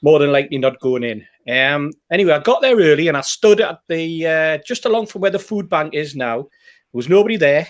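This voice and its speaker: A man with a slightly high voice, lively intonation and a somewhat fast pace hosts a podcast. In casual chat he tells a rambling, anecdotal story full of fillers and repeats.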